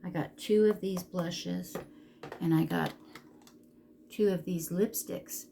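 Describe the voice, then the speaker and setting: Gravelly, slow-talking middle-aged woman. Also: lowish voice, fairly even intonation, dark tone, a little hiss or hum. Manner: rambling, crude and giggly. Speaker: makeup vlogger. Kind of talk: casual get-ready-with-me chat.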